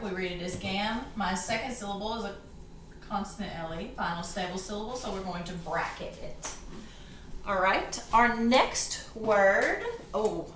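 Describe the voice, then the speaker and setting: A woman tutor walks a learner through a phonics lesson, slow and deliberate as she breaks words into sounds. Her voice sits at a middling pitch and comes from some distance off the mic. The room rings with a noticeable echo, and a faint hiss runs underneath. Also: a bit bright. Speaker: reading tutor.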